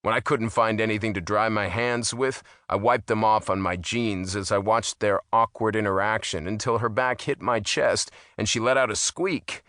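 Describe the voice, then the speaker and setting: A man reads a first-person story aloud with wry amusement, his fairly low voice carrying a bright, forceful edge. He sits close to a studio mic in a dry booth, with no room sound around him. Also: steady tone, moderate pace, hardly any pauses, dry recording. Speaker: audiobook narrator. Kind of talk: first-person audiobook narration.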